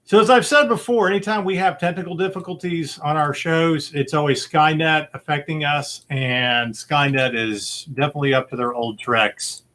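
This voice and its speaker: Bright-voiced easygoing male host. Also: fairly high pitch, steady tone, normal speed, few pauses. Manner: easygoing, rambling with fillers, chuckles often. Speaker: game show host. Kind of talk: casual chat.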